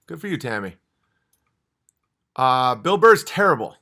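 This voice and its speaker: Fired-up, profane livestream host. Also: male voice, mid-range voice, big pitch swings, a little slow, sharp tone. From upstate New York. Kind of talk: casual livestream rant.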